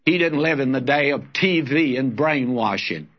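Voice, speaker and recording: A man's voice: mid-range voice, moderate pace, few pauses. An older man giving a folksy sermon as a radio Bible teacher, calling his listeners friends and reading scripture aloud. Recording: lo-fi old radio broadcast.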